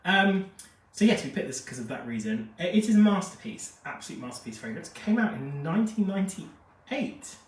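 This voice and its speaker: This man hosts a live-stream fragrance review while feeling feverish from a jab, gushing and chatting through viewer comments. He has a high, sing-song voice at normal speed, and the distant mic picks up an echoey room.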